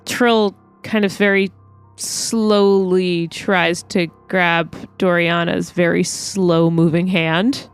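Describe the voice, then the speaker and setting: A woman's voice: lowish voice, fairly even intonation, takes it slowly, clear, resonant tone, soft background music. A woman playing a tabletop game, hesitant and thinking aloud with frequent ums. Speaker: player.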